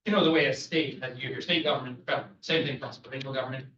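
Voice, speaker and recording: A man's voice: medium pitch, steady tone, rapid-fire, a bit bright. Canadian man lecturing in an echoey room. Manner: chatty, jokey, asks the audience questions. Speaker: travel lecturer. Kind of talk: lively classroom talk. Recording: echoey, muffled, distant room recording.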